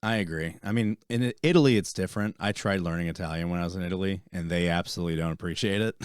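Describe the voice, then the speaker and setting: A man hosting a podcast, talking in an animated way and swearing freely. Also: low voice, quick pace, clean tone, dry recording, studio quality. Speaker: podcast host. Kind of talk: casual interview.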